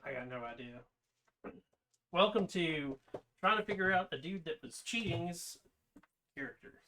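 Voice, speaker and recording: Bright-voiced male game master. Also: a little high, expressive, measured pace. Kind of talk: narrating a tabletop game.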